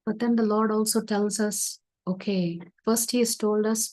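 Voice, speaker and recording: A woman's voice: mid-range voice, steady tone, normal speed. Woman telling a devotional story. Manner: acts out dialogue in a story, earnest and gentle. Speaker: spiritual teacher. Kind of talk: storytelling scripture talk. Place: online session.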